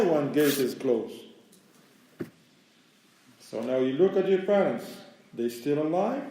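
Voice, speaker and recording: A man's voice: mid-range voice, warm tone, a little hiss or hum. A man giving a conversational religious lecture in plain, explanatory speech, speaking English with non-native grammar. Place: mosque lecture room. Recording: very echoey hall, mic far away.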